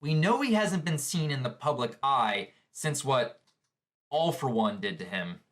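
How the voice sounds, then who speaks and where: A man giving casual anime reaction commentary, excitable, often chuckling and thinking aloud with questions. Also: medium pitch, a little slow, a little hiss or hum.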